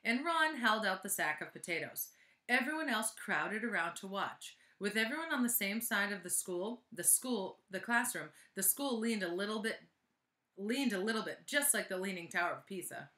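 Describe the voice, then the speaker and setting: A woman's voice: medium pitch, lively intonation, normal speed, bright, forceful tone. A woman reading a children's chapter book aloud with chatty asides, in an echoey room. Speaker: reader.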